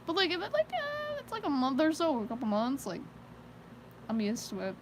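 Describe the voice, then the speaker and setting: A woman with a somewhat high voice rambles through a casual live-stream chat, stacking "like" fillers and breaking into nervous little laughs. A faint ambient hiss sits under her voice. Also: sing-song, normal speed. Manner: rambling, heavy use of "like" fillers; nervous self-conscious laughter between thoughts.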